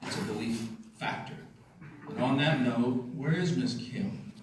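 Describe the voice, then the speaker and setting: A man's voice: medium pitch, a little slow, recorded from a distance, slight background noise. Upbeat man in an echoey hall. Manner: enthusiastic, laughs often. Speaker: speaker at a leadership retreat. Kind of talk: motivational speech. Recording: echoey hall, crowd behind.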